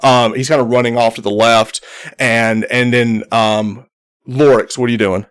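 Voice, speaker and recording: Halting male game master narrating. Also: medium pitch, level tone, a bit bright, clear, resonant tone. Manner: halting, full of ums and restarts.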